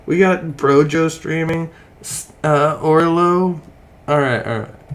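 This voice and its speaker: A man's voice: a little high, takes it slowly. A man giving crude, sarcastic reaction commentary and swearing often. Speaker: online commentator.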